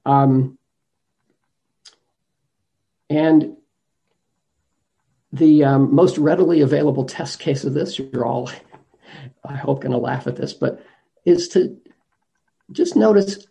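A middle-aged man giving a gentle, reflective dharma talk over a video call, pausing and restarting as he thinks. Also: medium pitch, creaky. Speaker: dharma teacher.

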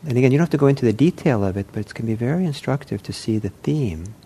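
A man giving an unscripted meditation talk, speaking in a gentle, reflective way with frequent pauses and restarts. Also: mid-range voice, animated, a little hiss or hum. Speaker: meditation teacher.

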